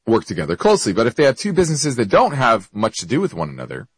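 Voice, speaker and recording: Husky, animated man talking finance. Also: medium pitch, fast, hardly any pauses, no room sound, rough recording. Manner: animated explainer with restarts and self-corrections. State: hiccups. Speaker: investment show host. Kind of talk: explaining finance, answering listener questions.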